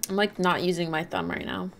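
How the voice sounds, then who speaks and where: A woman's voice: lowish voice, steady tone, fairly quick, creaky, fairly bright tone, slight background noise. Chatty woman streamer, rambling casually. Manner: chatty, rambling, reads out and answers chat. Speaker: livestreamer.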